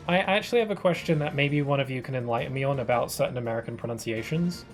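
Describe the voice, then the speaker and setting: A British man chatting away on a live gaming stream, rambling and often restarting his sentences. His voice sits at an ordinary middle pitch, with faint game music underneath. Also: quick pace. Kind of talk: casual live-stream chat while gaming.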